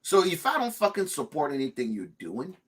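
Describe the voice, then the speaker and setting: A male podcast host talks in a loose, casual chat. His voice is slightly husky, and his pitch leaps up and down as he makes his points. He speaks emphatically, swears freely, and stumbles over repeated words when he is worked up. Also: huge pitch swings, a little fast.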